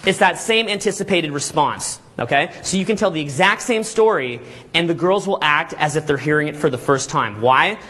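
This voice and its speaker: A man coaching a live seminar group, talking energetically and checking in constantly with "okay?" and "all right?", sometimes acting out quick scenes. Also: a little high, lively intonation, pushed and bright, slightly rough. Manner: acts out little scenes in quick put-on voices. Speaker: dating coach and boot camp instructor.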